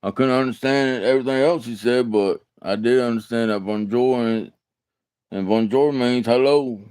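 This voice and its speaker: A man from Alabama with a Southern American accent, hosting a casual livestream, chatting with viewers in a halting, folksy way and often repeating his words. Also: mid-range voice, a little mellow, smooth, dry recording, clean studio sound. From Alabama, USA. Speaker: livestream host. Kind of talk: casual livestream chat answering comments.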